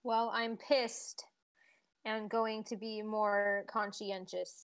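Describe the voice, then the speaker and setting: A woman playing a tabletop game, speaking casually in drawn-out phrases. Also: mid-range voice, level tone, smooth. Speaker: player.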